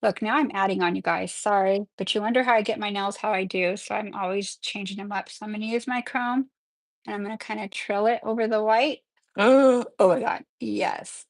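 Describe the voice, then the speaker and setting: A woman hosting a live nail tutorial in a chatty, excitable way, often apologizing as she works. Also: medium pitch, a little fast, no room sound. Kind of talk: casual live-stream tutorial.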